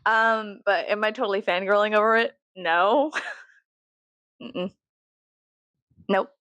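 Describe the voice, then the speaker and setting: A woman's voice: medium pitch, fairly even intonation, slow, fairly bright tone, no room sound, muffled recording. A young woman from Texas rambling casually and profanely to camera as a vlogger, jokey and chatty.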